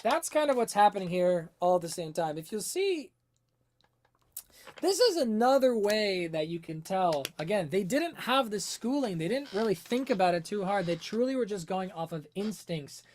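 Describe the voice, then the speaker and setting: A woman's voice: mid-range voice, expressive, moderate pace, darkish tone, slight background noise. A woman hosting a casual music-analysis livestream, explaining songs in a chatty way and answering questions from the chat with plenty of fillers. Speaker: music teacher and livestream host.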